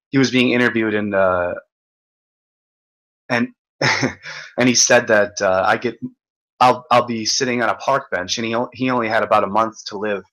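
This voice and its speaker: Bright-voiced man rambling in a casual rant. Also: mid-range voice, rough recording. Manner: rambling, halting, laughs often. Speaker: podcast host.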